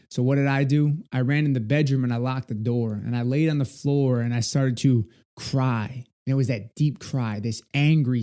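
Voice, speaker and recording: Young adult male speaker, earnest and measured, dark mellow tone, personal storytelling. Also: mid-range voice. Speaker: motivational speaker. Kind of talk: personal story told to an audience.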